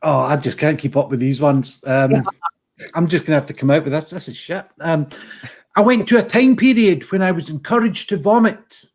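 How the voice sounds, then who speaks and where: Brief: Scottish man, husky, fairly high voice, self-mocking comic banter. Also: moderate pace. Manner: self-deprecating, laughing, swears freely. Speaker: pun contestant. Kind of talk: casual banter.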